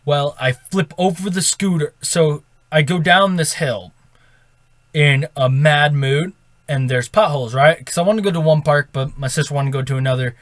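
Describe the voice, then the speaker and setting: Rambling higher-voiced man telling a story. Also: moderate pace, a bit bright, no room sound, studio quality. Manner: rambling, with self-corrections and "right?" tag questions. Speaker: storytime vlogger.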